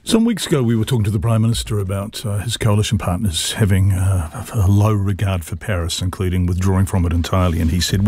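A man hosting a morning radio interview, asking brisk, probing questions. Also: lowish voice, a little mellow, husky, dry recording.

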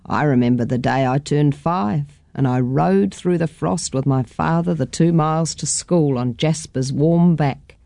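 A gentle old grandmother from a storybook speaks slowly and softly about the past, as a woman reader puts her on. Her tone is mellow and low, in a dry, close recording. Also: creaky, no room sound. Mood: reminiscing. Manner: slow, soft, reminiscing.

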